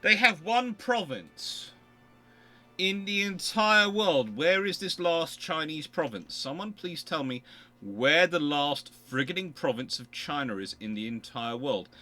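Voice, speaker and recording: A man's voice: fairly high pitch, lively intonation, measured pace, pushed and bright. A man thinking aloud as he plays a naval strategy game live, getting exasperated and mock-outraged. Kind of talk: live gameplay commentary. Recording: faint background music.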